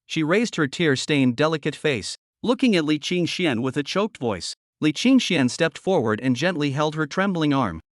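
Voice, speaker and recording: A male narrator with a fairly high, lively voice reads a story in a dramatic, expressive scripted way. The recording is close and completely dry. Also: moderate pace, hardly any pauses, dry recording.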